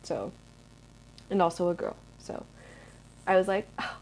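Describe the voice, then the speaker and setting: A woman's voice: on the low side, lively intonation, measured pace, gravelly, darkish tone, slight background noise. A young American woman in her twenties, answering viewer questions in a rambling, chatty vlog with lots of fillers. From United States. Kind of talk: casual Q&A chat.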